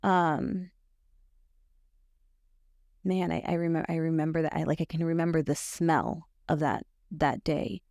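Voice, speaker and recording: Low gravelly woman, halting testimony. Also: fairly even intonation, a little mellow, no room sound, studio quality. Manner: halting, full of fillers and restarts. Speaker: podcast guest. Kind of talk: personal testimony in conversation.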